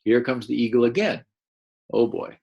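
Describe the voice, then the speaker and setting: A man teaching a first-grade class, reading a picture book aloud and gently encouraging the children to read along. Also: medium pitch, normal speed, gravelly, muffled recording. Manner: gentle, encouraging, explains as he goes.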